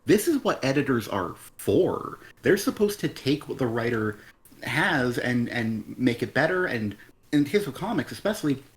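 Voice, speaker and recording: A man's voice: mid-range voice, sing-song, normal speed. A man co-hosting a live comic review stream, ranting bluntly and with exasperation, swearing freely. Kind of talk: casual critical chat.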